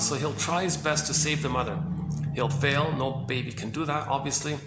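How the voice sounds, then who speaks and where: Creaky man lecturing in an echoey room. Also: fairly high pitch, normal speed, background noise. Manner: emphatic, repetitive, conversational with many fillers. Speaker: lecturer on psychoanalysis. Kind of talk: informal lecture.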